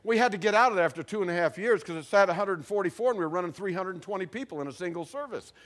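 A male pastor preaching a sermon, telling stories animatedly and dropping very soft at dramatic moments. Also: sits high, rapid-fire. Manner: animated storyteller, acts out voices, drops very soft for dramatic moments. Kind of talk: sermon with storytelling.

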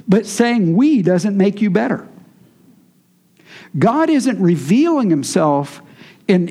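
High-voiced mellow male preacher. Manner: teaching, conversational with congregation. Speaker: pastor. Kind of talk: sermon.

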